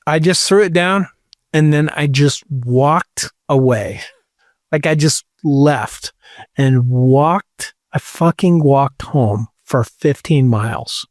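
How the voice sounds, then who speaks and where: Slow-talking, higher-voiced man telling a story. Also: no room sound, studio quality. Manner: rambling, swearing, many likes. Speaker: podcast host. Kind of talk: casual storytelling.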